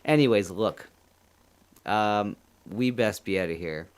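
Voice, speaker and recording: A man from Canada with a lowish voice hosts a livestream, chatting casually. He rambles and jokes and laughs often. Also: takes it slowly, clear, resonant tone. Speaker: livestream host. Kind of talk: casual chat.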